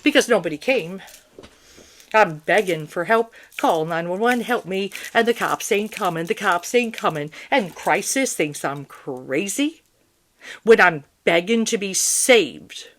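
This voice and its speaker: A woman's voice: medium pitch, lively intonation, a little slow, a bit bright. Middle-aged woman, psychic vlogger; agitated, profane, repetitive rant to camera, mid-range voice. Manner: agitated, swearing, repetitive ranting. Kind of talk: emotional monologue to viewers.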